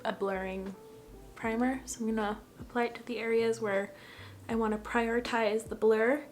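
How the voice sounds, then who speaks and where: A young woman from Canada, a makeup vlogger chatting casually on camera, bubbly and gushing with excitement. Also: fairly high pitch, moderate pace, soft background music. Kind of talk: casual beauty vlog chat.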